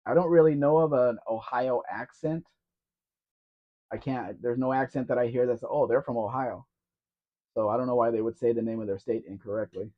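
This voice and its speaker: A man's voice: medium pitch, moderate pace. A man co-hosting a casual live question-and-answer stream, musing offhand about old cars. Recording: dull lo-fi stream audio.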